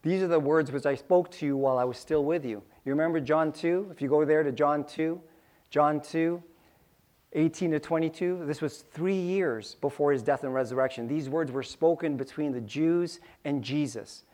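A man's voice: on the high side, moderate pace, darkish tone. A man preaching a sermon, acting out little scenes with sound effects and repeating key lines for emphasis. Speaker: pastor.

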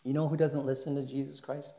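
A male pastor preaching a sermon in a conversational way. He asks his listeners questions and builds to loud, emphatic passages. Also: medium pitch, flat delivery, quick pace, vocal fry. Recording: echoey room.

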